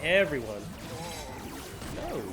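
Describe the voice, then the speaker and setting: A man's voice: on the high side, wildly swooping pitch, slow. A man chatting live while streaming a game, rambling playfully and laughing at himself. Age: adult. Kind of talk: live gameplay chat. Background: game music.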